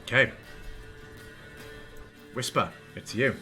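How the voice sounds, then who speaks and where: A man running a tabletop game as game master, with drawn-out, vivid description of the scene. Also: mid-range voice, over music.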